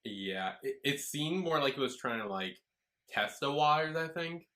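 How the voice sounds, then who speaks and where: A podcast co-host with a medium-pitched, pushed and bright voice chats casually and animatedly at a moderate pace. He sounds hesitant, filling his speech with many fillers.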